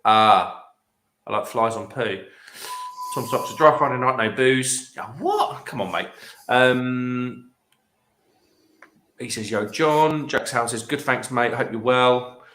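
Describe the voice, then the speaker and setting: A man's voice: medium pitch, slow, long pauses, pushed and bright, reverberant, a little hiss or hum. A man hosting a casual late-night livestream, reading viewer comments aloud and laughing often. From England. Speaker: livestream host. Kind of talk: casual chat reading out live chat.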